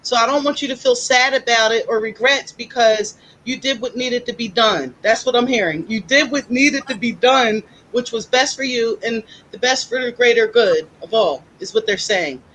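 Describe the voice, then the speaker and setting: A high-voiced woman chatting through psychic readings on a live stream. She tells stories in an animated way and talks freely. Her delivery is casual and conversational. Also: moderate pace, hardly any pauses, a little hiss or hum, low-quality recording. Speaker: psychic reader, co-host.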